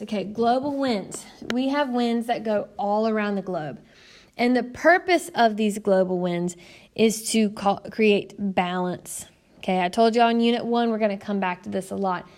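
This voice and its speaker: A young woman with a medium-pitched, slightly mellow voice teaches a recorded science lesson. She's chatty and upbeat, addressing her students directly in this classroom lecture.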